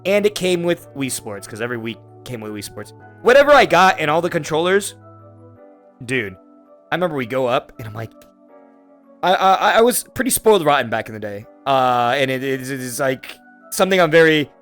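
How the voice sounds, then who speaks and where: A man's voice: mid-range voice, very animated, brisk, fairly bright tone, soft background music. A man in his twenties from Florida hosting a podcast, telling a long, rambling story full of swearing and fillers. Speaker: podcast host. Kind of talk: casual chat.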